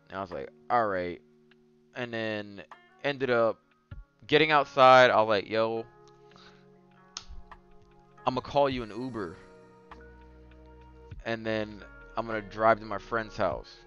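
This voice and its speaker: Animated man telling a dating story. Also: mid-range voice, moderate pace, long pauses, lo-fi sound, soft background music. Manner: animated, swings from mumbling asides to yelling bursts. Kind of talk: casual storytelling.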